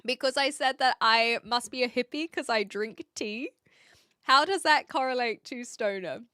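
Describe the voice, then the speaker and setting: A woman's voice: a little high, normal speed, sharp tone, dry recording, clean studio sound. A woman streamer chatting casually while reacting to videos, often exasperated and arguing with her chat.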